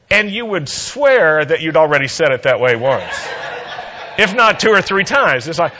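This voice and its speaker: A man's voice: a little high, big pitch swings, normal speed, bright, forceful tone. A man preaching a sermon, telling a humorous personal story and acting out the dialogue with playful energy.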